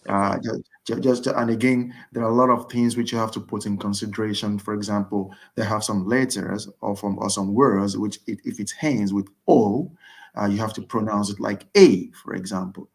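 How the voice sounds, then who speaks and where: A man speaking as a guest in a casual interview, answering in a halting way with many fillers and restarts. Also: lowish voice, fairly even intonation. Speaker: interview guest, engineering student.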